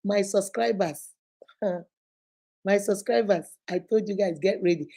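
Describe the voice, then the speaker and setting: A woman's voice: medium pitch, slow. A woman with a Nigerian accent hosting a vlog, chatting casually and animatedly to her viewers. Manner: animated, preachy. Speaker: vlogger host.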